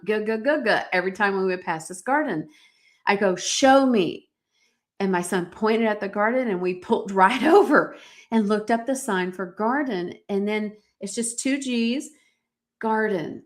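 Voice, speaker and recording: Middle-aged woman host, earnest and encouraging, talking straight to her viewers on a livestream. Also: medium pitch. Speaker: podcast host. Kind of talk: live-streamed motivational talk.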